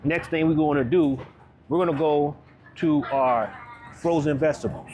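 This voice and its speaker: This upbeat, talkative man, a wellness coach, vlogs his grocery run and keeps asking viewers a quick "right?" as he moves along the aisles. He speaks on the higher side with a darkish tone, and some light background noise is audible.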